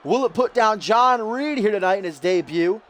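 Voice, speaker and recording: A man doing jokey, excitable play-by-play commentary over a wrestling video game, getting loud at the big moments. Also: sits high, moderate pace, a little hiss or hum.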